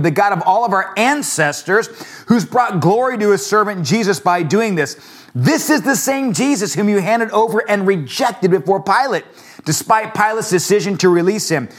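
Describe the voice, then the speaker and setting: Fervent high-voiced male preacher. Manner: fervent, building to emphatic peaks; conversational storytelling in between. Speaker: pastor. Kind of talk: sermon.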